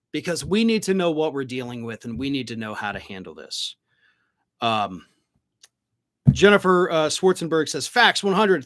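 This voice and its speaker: A middle-aged man with a slightly high, somewhat bright voice hosts a live political stream. He reads out viewer comments and answers bluntly, cursing when he gets worked up.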